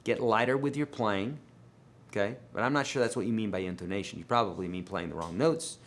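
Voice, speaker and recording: A man hosting a live guitar Q&A, answering viewer questions in a casual, emphatic way. He swings his loudness and pitch a lot and talks to viewers as friends. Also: fairly quick.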